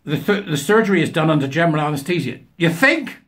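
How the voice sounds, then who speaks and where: A man's voice: a little high, lively intonation, fast talker, a bit bright. A man reading news articles aloud and mocking them with sarcastic, scornful asides, often laughing at his own jokes. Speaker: commentator.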